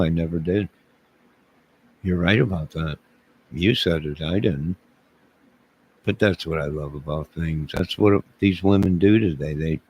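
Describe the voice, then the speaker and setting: A man's voice: low voice, a little mellow, breathy edge. A man livestreaming, joking with his chat in a mock-indignant way and talking back to viewers.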